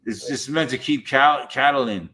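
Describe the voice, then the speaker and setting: A man in casual chat, telling a rambling story, swearing heavily and talking with animated energy. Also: medium pitch, moderate pace. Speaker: podcast host.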